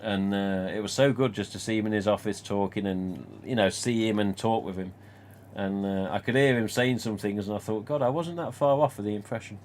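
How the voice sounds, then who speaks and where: A man's voice: lowish voice, fairly even intonation, moderate pace, darkish tone, a little hiss or hum. A man hosting a casual live stream, telling rambling stories and swearing mildly as he answers comments. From England. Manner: rambling and anecdotal, with mild swearing.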